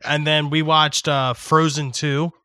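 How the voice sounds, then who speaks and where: Young man, bright tone, slightly high voice, dry close sound, casual profane chat. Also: little pitch movement, takes it slowly, smooth, no room sound. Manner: swears a lot, loud when acting out yelling.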